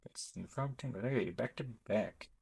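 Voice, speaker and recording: A man's voice: lowish voice, fast, creaky, darkish tone, breathy edge, poor audio. A young man giving chatty, rambling commentary as he ranks films on his channel, often correcting himself mid-sentence. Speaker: YouTuber ranking films. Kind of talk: casual commentary.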